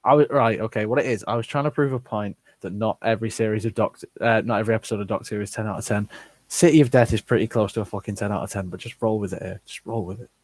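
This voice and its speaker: A man's voice: fairly low pitch, steady tone, racing, dry recording. Blunt, swearing man in casual chat. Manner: blunt, swears freely, reads comments aloud and reacts. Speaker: channel host answering live chat. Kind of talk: casual live-stream chat.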